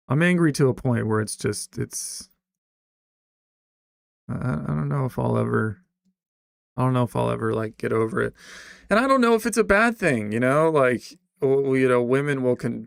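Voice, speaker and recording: A man streaming and chatting casually, rambling with restarts and trailing off into quiet mumbles. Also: mid-range voice, vocal fry, no room sound, clean studio sound. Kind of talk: casual livestream chat.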